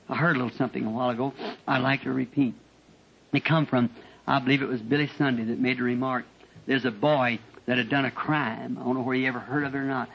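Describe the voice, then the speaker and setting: A man preaching a sermon as a personal testimony, turning emotional and shooting into high-pitched bursts as he tells his story, recorded at a church meeting. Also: fairly even intonation, fast, creaky, husky. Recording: dull lo-fi archival tape.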